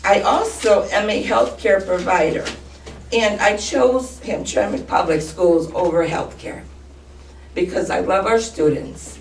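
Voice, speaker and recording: A woman's voice: medium pitch, slow, vocal fry, echoey room, recorded from a distance, slight background noise, poor audio. A woman paraprofessional giving a firm, earnest prepared statement at a school board meeting. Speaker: paraprofessional speaking in public comment. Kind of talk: prepared public comment.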